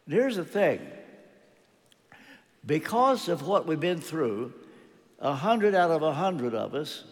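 Older preacher with a lively, slow delivery. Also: male voice, fairly high pitch, in a large hall. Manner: earnest, personal storytelling with pauses and restarts. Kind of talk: sermon.

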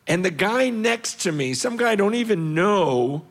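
A middle-aged man giving an earnest, animated personal story as a guest on a panel. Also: unhurried. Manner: earnest, animated storytelling, rising in pitch when intense.

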